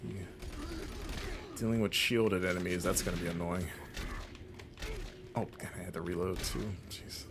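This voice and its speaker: A man from Florida with a non-regional American accent, chatting casually while streaming gameplay and reacting out loud to what happens. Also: low voice, steady tone, moderate pace, pauses often, noisy background. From Florida, USA. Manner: chatty, rambling, reacts aloud to the game.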